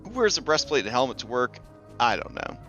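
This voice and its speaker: A man's voice: mid-range voice, sing-song, brisk, fairly bright tone, faint music behind. Chatty man running a tabletop game. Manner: chatty, filler-heavy narration. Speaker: game master. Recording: dull lo-fi stream audio.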